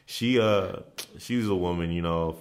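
Very deep-voiced man telling stories. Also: moderate pace. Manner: relaxed, with frequent restarts and repeated phrases. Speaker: interview guest, former basketball player. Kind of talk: casual storytelling in a podcast interview.

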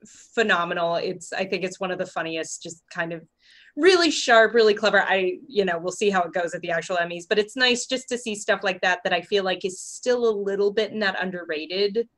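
A woman's voice: medium pitch, fairly quick, fairly bright tone. Chatty woman in casual talk. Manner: chatty, fillers, trailing thoughts. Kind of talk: casual chat about TV awards.

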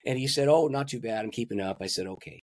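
Animated older man telling a story. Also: fast talker, no room sound. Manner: animated storyteller, acts out dialogue with big pitch swings. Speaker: pastor and guest. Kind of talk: storytelling in a podcast interview.

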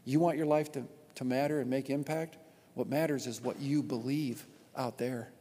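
A man preaching a sermon as pastor from a church stage, animated and repeating his points for emphasis. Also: medium pitch, moderate pace, breathy edge. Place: church auditorium with long reverb. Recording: long hall reverb.

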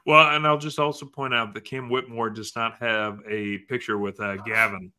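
A man's voice: mid-range voice, fairly even intonation, moderate pace, bright, forceful tone. A man guesting on a casual podcast, joking and rambling. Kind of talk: casual chat.

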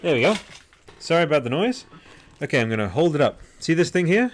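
A man's voice: a little high, sing-song, fast talker, noisy background. A man hosting a podcast livestream, chatting casually and rambling with lots of fillers and restarts. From Australia. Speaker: podcast host. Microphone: headset microphone.

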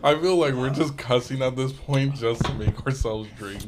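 A man's voice: mid-range voice, moderate pace. A young man producing a casual podcast, dropping dry, wisecracking asides. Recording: noisy home podcast recording.

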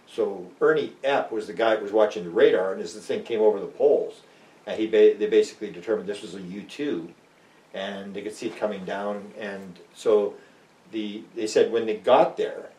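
A man's voice: fairly low pitch, moderate pace, a little mellow. An older man, a guest author rambling through stories with many restarts and acted-out quotes. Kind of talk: rambling storytelling interview. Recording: roomy and distant.

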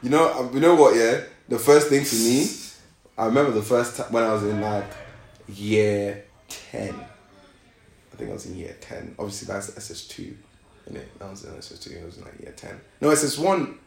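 A man's voice: lowish voice, animated, normal speed, gravelly, reverberant. A man co-hosting a podcast in casual banter, rambling and laughing often. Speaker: podcast co-host.

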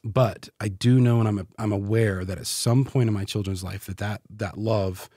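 A man talking on a podcast as a guest, heartfelt and halting, often repeating words as he searches for them. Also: lowish voice, fairly even intonation, mellow, dry recording, clean studio sound. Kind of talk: casual podcast conversation.

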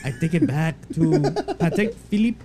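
A man reading out a brash male fighter's boast in a halting mock Irish accent. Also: on the high side, warm tone, slight background noise, pitched below the performer's own voice, close to an everyday voice. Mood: boastful reading. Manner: halting, stumbling read-aloud.

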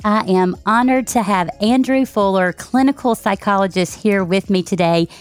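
A woman's voice: mid-range voice, moderate pace, clear, resonant tone, no echo, soft background music. A woman from Texas, hosting a podcast interview in an enthusiastic, effusive way. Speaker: podcast host.

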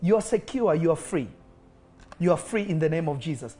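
A pastor with an expressive mid-range voice leads a live-streamed deliverance prayer. Commanding declarations mix with speaking in tongues, rising to loud, fervent peaks and falling to quick murmurs.

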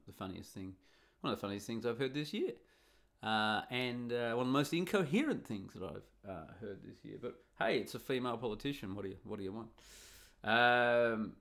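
A middle-aged man delivering an unscripted monologue. He talks bluntly and sarcastically, swears freely and wanders through asides. His voice sits at an ordinary male pitch. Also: vocal fry, a bit bright. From Australia. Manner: blunt, profane, sarcastic, rambling. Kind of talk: casual opinionated monologue.

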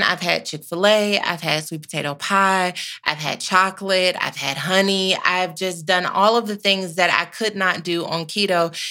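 A woman's voice: medium pitch, bright, forceful tone. A woman in her thirties hosting a podcast live, chatting casually with playful asides and church-flavored sayings. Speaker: podcast host. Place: her office.

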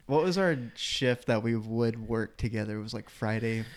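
A young man hosting a casual chat, telling rambling, animated stories with lots of filler words. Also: fairly low pitch, moderate pace.

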